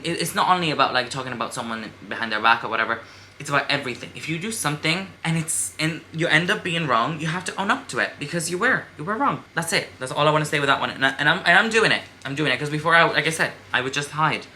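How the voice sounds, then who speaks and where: A woman's voice: low-pitched, fast talker, bright, forceful tone, slight background noise. A woman in her twenties chatting candidly and emphatically while doing her makeup, swearing freely. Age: 20s. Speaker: beauty vlogger. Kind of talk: casual get-ready-with-me chat.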